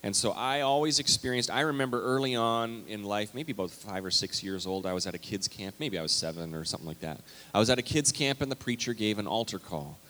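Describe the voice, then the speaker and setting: Man, pastor, conversational sermon, anecdotal, slightly low voice, reverberant church. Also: fast talker, few pauses, bright, forceful tone, slight background noise. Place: church sanctuary. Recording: long hall reverb.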